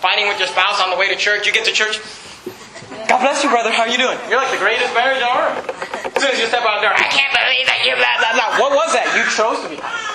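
A man preaching a sermon as pastor, emphatic and animated, acting out the voices of people he quotes. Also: high-pitched, roomy sound, poor audio.

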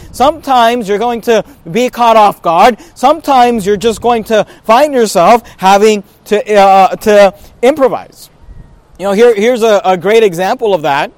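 A man's voice: sits high, dry recording. A pastor delivering a sermon to his congregation, emphatic, with repeated phrases and frequent restarts.

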